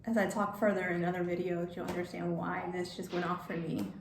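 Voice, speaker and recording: A woman telling a personal story in a vlog, halting and repeating words, getting emotional. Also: lowish voice, little pitch movement, creaky, reverberant, noisy background. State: emotional, near tears. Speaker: vlogger.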